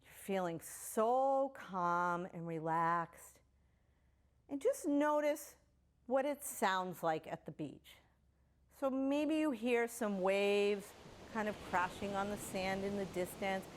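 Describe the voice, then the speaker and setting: A middle-aged woman leads children through a guided relaxation in a gentle, unhurried voice. She speaks softly at a medium pitch, giving slow, soothing instructions. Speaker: kids' yoga teacher. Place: indoors at home on a yoga mat.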